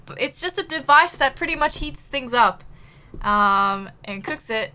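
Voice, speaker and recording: A woman's voice: sits high, expressive, a little slow, background noise. A woman chatting casually on a live stream, bubbly and giggly, full of fillers, a little out of breath.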